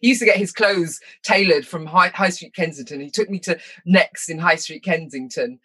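A middle-aged woman telling stories from her childhood in an interview. She is lively and self-mocking, laughs often, and slips into quick impressions. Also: on the low side, husky. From London, England. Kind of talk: personal storytelling in conversation.

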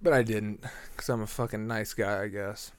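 A man's voice: on the low side, normal speed, clean tone, no room sound. Profane, laughing man telling a story. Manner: animated retelling, acting out exchanges. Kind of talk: casual storytelling monologue.

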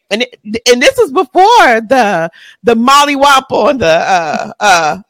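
Podcast co-host: a high-pitched woman with a drawl, lively and blunt, sometimes profane, recorded dry. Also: a little slow, dry recording. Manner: blunt, animated, profane ranting. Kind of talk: casual chat.

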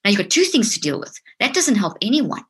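Woman speaker, slightly husky voice, earnest and emphatic, building her argument with restless energy. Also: medium pitch, very animated, fairly quick, a bit bright. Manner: emphatic, earnest, repeats words when building a point. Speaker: speaker on mind and mental health. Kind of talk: impassioned explanatory talk. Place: outdoors near a tree.

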